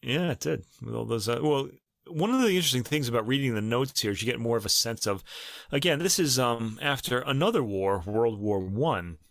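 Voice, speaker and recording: Chatty podcast host, thinking aloud. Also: male voice, medium pitch, lively intonation, brisk, creaky, hardly any pauses, no room sound. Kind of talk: casual chat about recordings.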